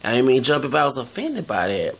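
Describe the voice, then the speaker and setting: Texan guy w/ a real gravelly voice, rambling on earnestly to camera, lots of restarts. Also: mid-range voice, wildly swooping pitch, fairly quick, a bit bright. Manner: earnest, digressive, many restarts and fillers. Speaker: vlogger.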